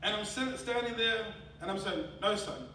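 A man with a New Zealand accent preaching a sermon, telling a family story with animated swings between loud laughing bursts and quiet earnest passages. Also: high voice, normal speed, recorded from a distance. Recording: echoey hall, recorded from afar, with noticeable background noise.

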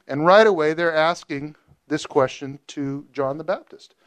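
A man teaching a Bible study group in a casual, animated way, joking and asking questions. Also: on the high side, unhurried.

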